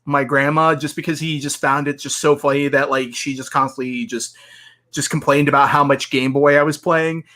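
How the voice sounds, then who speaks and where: A co-host in casual chat, excitable and halting, full of fillers. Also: medium pitch.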